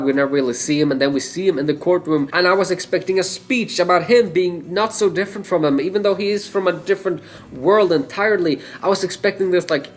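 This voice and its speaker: A young man giving a casual, rambling movie opinion, laughing often and swearing. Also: a little high. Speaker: movie reviewer.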